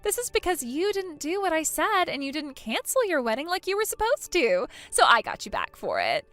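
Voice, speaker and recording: A woman's voice: high-pitched, huge pitch swings, fairly quick, fairly bright tone, no room sound, full character voice. A woman voicing a spiteful, bratty young sister-in-law in a text-message drama, with a mocking, whiny delivery. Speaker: voice actor.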